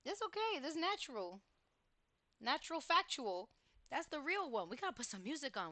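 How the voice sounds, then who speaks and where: Bright, gushing woman streamer. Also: high-pitched, sing-song, normal speed, no echo. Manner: gushing, giggly, exclaims often. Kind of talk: casual live-stream chat while gaming.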